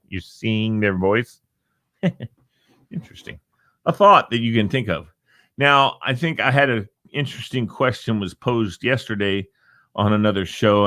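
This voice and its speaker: A man's voice: lowish voice, fairly bright tone, no echo, clean studio sound. A man hosting a casual talk show, rambling and joking and chuckling at his own asides. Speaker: host. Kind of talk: casual chat show monologue.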